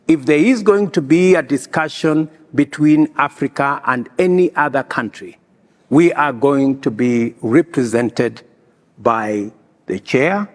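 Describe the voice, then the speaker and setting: A Kenyan man speaking as a head of state at a public event, with a Kenyan English accent, halting and repeating words as he searches. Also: mid-range voice. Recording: hall reverb with crowd behind.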